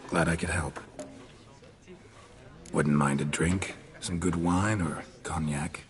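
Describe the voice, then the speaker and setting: A man's voice: low-pitched, fairly even intonation, takes it slowly. An actor playing a grizzled male monster hunter in a video game, speaking in terse, dry, clipped replies. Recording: game audio with music behind.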